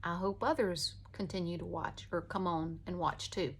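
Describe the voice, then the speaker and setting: A woman's voice: fairly low pitch, steady tone, normal speed, slight background noise. A woman, chatting casually in a folksy, rambling way while doing her makeup at home. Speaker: vlogger.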